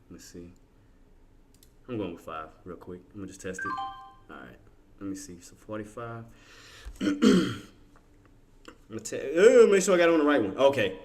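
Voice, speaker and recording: A man's voice: fairly low pitch, a little mellow. A man streaming his live trades, thinking aloud in casual slangy talk and chatting with his viewers. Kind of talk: live trading commentary.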